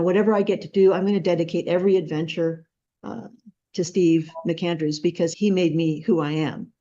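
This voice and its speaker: A woman hosting an interview tells a long anecdote and acts out every quote with big leaps in pitch. Her tone is dark and mellow. The recording is dull and lo-fi. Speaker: host. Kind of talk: storytelling in a casual interview.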